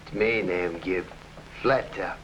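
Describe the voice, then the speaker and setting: An actor playing a ruthless, scheming hired killer in an early TV crime drama, talking tough gangster slang. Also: male voice, low voice, takes it slowly, fairly bright tone. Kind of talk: 1950s TV crime drama acting. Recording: dull old TV soundtrack with faint hiss.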